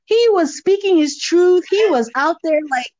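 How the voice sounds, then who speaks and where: A woman's voice: very high-pitched, animated, moderate pace, a little mellow. A woman co-hosting a podcast, chatting casually and acting out quotes as she tells the story. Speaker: podcast co-host. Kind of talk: casual chat recapping a reality show. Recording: dull lo-fi, dry.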